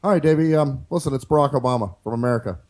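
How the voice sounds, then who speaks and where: A man putting on a slow, measured impression of a male president, drawling with many ums and pauses. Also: medium pitch, darkish tone, natural voice. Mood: mock presidential. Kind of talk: comic improvised impression.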